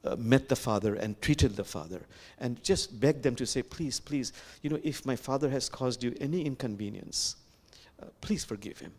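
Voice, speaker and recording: An older man with a Bangladeshi accent, leading a reflective sermon as an imam and telling stories gently, with pauses and fillers. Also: medium pitch. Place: sanctuary.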